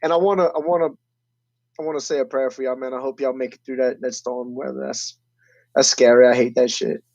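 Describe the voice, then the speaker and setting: A man telling stories in casual, profane podcast chat, animated and loud on quoted lines. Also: medium pitch, fairly quick, no room sound. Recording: dull, dry lo-fi recording.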